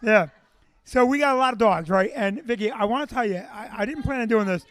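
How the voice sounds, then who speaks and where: A man's voice: very high voice, fairly quick, fairly bright tone, dry recording. A man hosting a comedy show, chatting loosely between acts and joking. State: hard of hearing. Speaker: comedian host.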